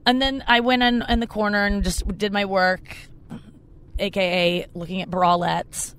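A young adult woman hosting a podcast from her car, telling a rambling, self-mocking story in casual chat. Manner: rambling, self-mocking, jumps up high when quoting people. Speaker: podcast host and comedian.

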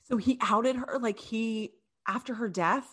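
A woman's voice: a little high, unhurried, slightly rough. A woman co-hosting a casual chat, reacting with gasps and exclamations as she listens. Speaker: podcast co-host listening.

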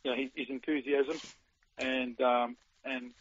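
An Australian former footballer in his forties rambles through a casual interview, full of fillers and restarts. His mid-range voice stays level and unhurried over a dry, tinny phone line.

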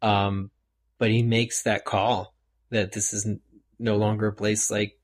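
A man co-hosting a casual podcast discussion, talking in an animated way that rises when he gets excited. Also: lowish voice, a little slow. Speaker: podcast co-host. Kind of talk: casual chat.

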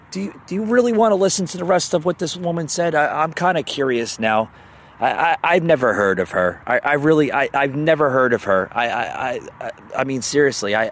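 Podcast host, man, higher-pitched voice, heated sarcastic rant, stammery. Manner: agitated, repeats words and stammers, sarcastic.

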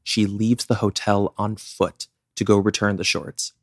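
A young man with a fairly low voice walks a listener through a true-crime case in an easy, chatty way. He keeps dropping "like" as he goes. The sound is close and dry. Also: little pitch movement, unhurried, dry recording. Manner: chatty, many "like" fillers. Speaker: podcast co-host. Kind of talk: casual true-crime storytelling.

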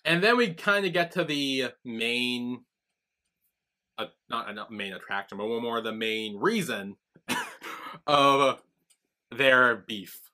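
A man's voice: mid-range voice, lively intonation, slow pace, pauses often, pushed and bright. A man co-hosting a podcast, chatting casually as he retells a drama's scenes and acts out the characters' lines. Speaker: podcast co-host. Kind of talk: casual recap chat.

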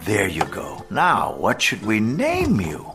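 An actor playing a gentle, protective woodcarver father in a film trailer. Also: lowish voice, wildly swooping pitch, slow pace, heavily acted. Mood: tender. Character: tender old woodcarver father naming his puppet. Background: trailer music.

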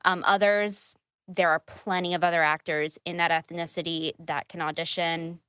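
A woman's voice: lowish voice, little pitch movement, moderate pace, pushed and bright, clean tone, no echo, clean studio sound. A woman who works as a voice actress, chatting casually with many fillers and acting out her own thoughts. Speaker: voice actress guest. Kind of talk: casual podcast chat.

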